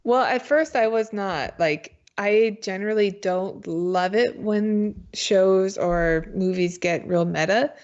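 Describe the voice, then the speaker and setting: A woman's voice: medium pitch, slow, few pauses, a little mellow. A woman co-hosting a TV review podcast, speaking casually and a little hesitantly, often laughing as she critiques. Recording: dull lo-fi sound.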